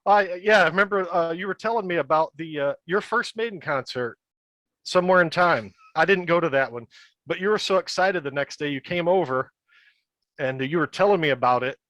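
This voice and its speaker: A man in his fifties who plays in a metal band guests on a podcast, telling casual stories with restarts and laughter. His voice is fairly high and fairly bright, he talks briskly, and there's no echo.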